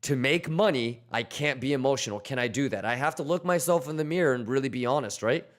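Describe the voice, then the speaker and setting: A man with a mid-range voice and quick pace hosts a trading livestream in casual chat. Blunt, profane, and motivational, he coaches viewers on discipline and reads their questions aloud from chat.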